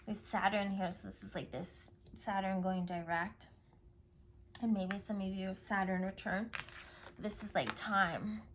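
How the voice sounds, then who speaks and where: A woman giving a spiritual tarot reading in an effusive, affirming way, often dropping into soft whispers. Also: medium pitch, unhurried. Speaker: tarot reader. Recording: steady hiss and clicks.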